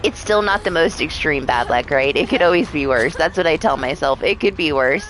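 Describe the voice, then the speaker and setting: Woman streamer, lower voice with a swooping, expressive delivery; casual, profane storyteller. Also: a little fast, a little hiss or hum, rough recording. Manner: rambling storytelling with swearing and laughs. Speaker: live streamer. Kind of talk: casual live-stream chat.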